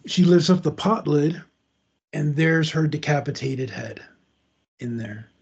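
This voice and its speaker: A man's voice: a little high, a little slow, gravelly, darkish tone, slightly rough, dull audio. A man hosting a podcast, casually retelling a true crime story in a loose, conversational way with asides. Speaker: podcast host.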